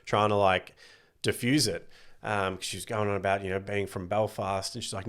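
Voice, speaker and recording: A man's voice: on the low side, moderate pace. An Australian man, a comedian guest, telling stories in a casual podcast chat, swearing freely and putting on voices. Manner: animated storyteller, swears freely.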